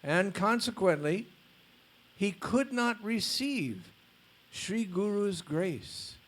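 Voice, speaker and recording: A male spiritual teacher giving a lecture, reading a story aloud in a deliberate way with blunt casual asides. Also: sits high, animated, fairly bright tone.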